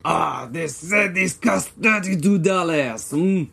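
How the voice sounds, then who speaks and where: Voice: medium pitch, lively intonation, slow, vocal fry, fairly bright tone, husky, voice pushed up, heavily acted. A podcaster voicing a theatrical, lovestruck army officer in a comic bit. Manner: theatrical, sing-song.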